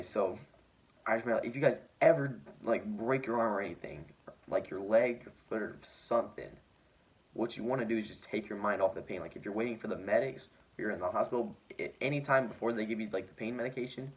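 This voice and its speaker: A teenage boy vlogging, telling his story in a rambling way with lots of "like" fillers, sounding injured and shaken. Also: on the low side. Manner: rambling, heavy use of "like" fillers. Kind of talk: casual storytelling to camera.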